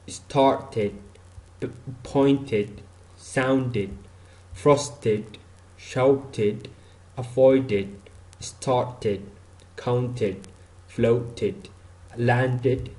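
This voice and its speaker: Male teacher, unhurried and mellow, drilling example words with frequent okays. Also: mid-range voice. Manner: repeats example words slowly, many okays and restarts. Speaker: English teacher. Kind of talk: explaining pronunciation from a slide.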